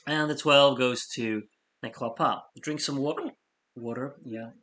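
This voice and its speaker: A man hosting a live stream of fan votes, reading out scores in a chatty, apologetic way while he has the hiccups and keeps clearing his throat. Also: mid-range voice, fairly even intonation, unhurried, a bit bright. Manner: chatty, apologetic asides between score readouts. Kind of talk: casual live-stream commentary.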